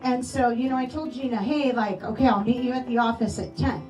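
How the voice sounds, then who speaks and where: A woman telling affectionate, animated stories about a late friend at a memorial, acting out quoted lines. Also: a little high, a little fast. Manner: animated storytelling with playful quoted voices. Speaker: memorial speaker. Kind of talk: eulogy storytelling. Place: memorial gathering hall. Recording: roomy echo, distant from mic, soft music.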